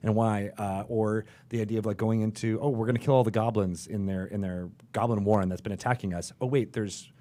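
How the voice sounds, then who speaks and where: Man, 40s, podcast host; calm, explanatory chat with a lowish voice. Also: fairly quick, few pauses. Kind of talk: casual chat. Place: studio.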